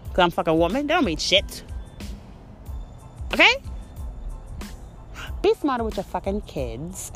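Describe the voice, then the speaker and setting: A woman hosting a podcast, telling an exasperated story in a profane rant and acting out the dialogue. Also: low-pitched. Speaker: podcast host. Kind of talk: ranting monologue.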